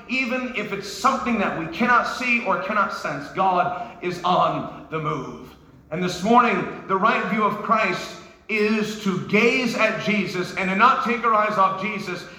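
A man from New York preaches with a high, sharply bright voice. He pushes hard on his points and slips into playful asides. The sound rings in an echoey church hall. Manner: emphatic, rising to shouts, with joking asides. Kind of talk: sermon. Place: church sanctuary.

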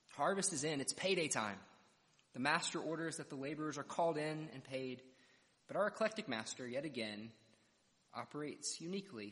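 A man's voice: a little high, a bit bright. A man preaching an expository sermon verse by verse and retelling a parable dramatically. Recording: long reverb of a large hall.

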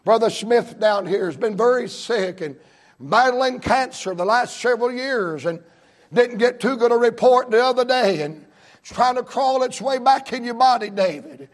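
A man preaching a fervent sermon at a church service, with emphatic, repetitive cadences and bursts of shouting. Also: very high voice, lively intonation, normal speed.

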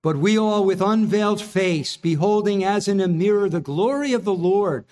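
High-voiced man preaching a sermon. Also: normal speed, darkish tone. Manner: earnest preaching, rising in pitch when quoting. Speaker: pastor.

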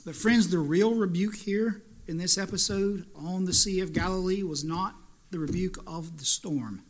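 A man's voice: sits high, moderate pace. A man preaching a sermon as pastor in a church, building through repeated rhetorical questions to emphatic peaks.

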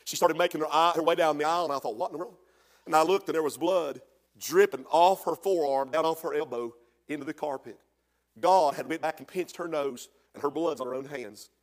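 An older man preaching a fiery revival sermon, telling stories softly and then building to shouted, chanted praise. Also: a little high, brisk.

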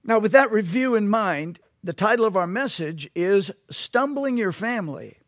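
A man's voice: sits high, animated, fairly bright tone, no echo, studio quality. A man preaching a sermon as pastor, emphatic and full of rhetorical questions. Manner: emphatic, rhetorical questions, slow deliberate delivery.

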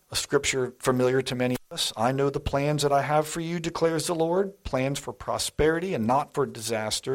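A middle-aged man preaching a sermon in a church, telling stories in a conversational way and speaking straight to the congregation. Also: mid-range voice. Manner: conversational storytelling, addresses the congregation directly.

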